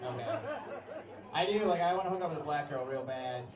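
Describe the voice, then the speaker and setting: A brash young man works a stand-up set on a club stage, his voice sitting high for a man and often jumping into shouted announcer-style bits. He sounds roomy and a little off-mic, and loud crowd laughter keeps breaking through. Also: a little fast, distant mic, highs cut off, very noisy. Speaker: stand-up comedian.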